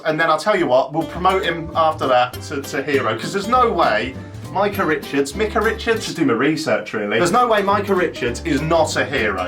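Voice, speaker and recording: A man's voice: a little high, fairly bright tone, distant mic. A man, telling comic stories in a cheeky, sweary, self-mocking vlog. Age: 20s. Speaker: YouTuber host. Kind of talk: casual storytelling vlog.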